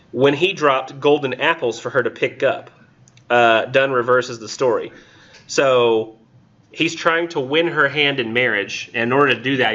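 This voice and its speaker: A man's voice: medium pitch, a bit bright, dull audio. A man teaching a college literature class, reading poems aloud and joking casually about them. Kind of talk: recorded classroom lecture.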